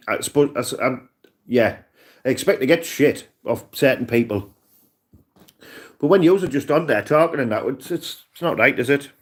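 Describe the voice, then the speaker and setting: Rambling Cumbrian man on a livestream. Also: on the high side. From Cumbria, England. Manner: rambling, chatty, peppered with "mate". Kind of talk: casual live-stream chat.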